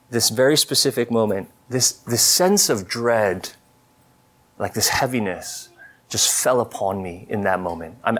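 Earnest, halting man preaching. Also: fairly low pitch, creaky. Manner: halting, many fillers and restarts; earnest, confessional. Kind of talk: personal testimony in a sermon.

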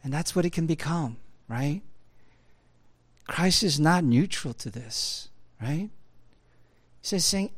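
A man's voice: a little high, expressive, normal speed, darkish tone. A man preaching a sermon as a pastor, in a conversational style with many fillers and tag questions. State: choked up at times.

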